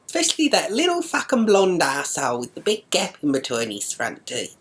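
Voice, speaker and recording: Low-voiced, foul-mouthed Australian woman. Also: very animated, normal speed, few pauses. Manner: coarse, swears constantly, indignant. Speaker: vlogger. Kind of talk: ranting comic storytelling to camera.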